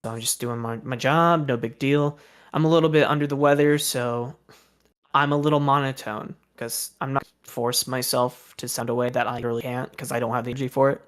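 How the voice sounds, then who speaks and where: A young man talks on his stream in a loose, storytelling rant, his voice sitting at an ordinary middle pitch. He sounds exasperated and aggrieved, swearing freely as he goes. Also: fairly even intonation, brisk.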